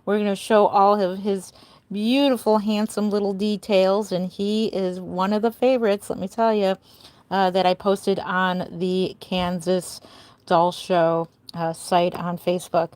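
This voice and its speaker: A woman's voice: medium pitch, level tone, measured pace, a little mellow, smooth, dry recording. Chatty older woman live streaming. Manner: chatty, bubbly, giggly, greeting viewers. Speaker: doll artist live streamer. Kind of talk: casual live stream chat.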